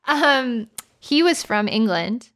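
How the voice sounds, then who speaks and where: A woman's voice: a little high, lively intonation, takes it slowly, fairly bright tone. Canadian woman, podcast co-host, breezy and joking. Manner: chatty, playful, slips into joking accent impressions. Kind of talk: casual chat.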